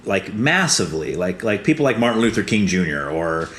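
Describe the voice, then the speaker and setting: A man hosting a casual podcast chat, asking probing questions and gently pushing back. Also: low-pitched, big pitch swings, a little fast. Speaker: podcast host.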